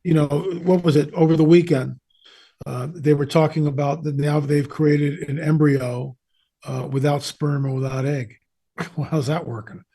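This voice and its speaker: Older male guest, husky, higher-pitched, chatty storyteller with asides. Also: little pitch movement, moderate pace, dark tone. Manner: conversational, with rambling asides and restarts. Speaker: guest, author on the supernatural. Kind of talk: casual storytelling interview.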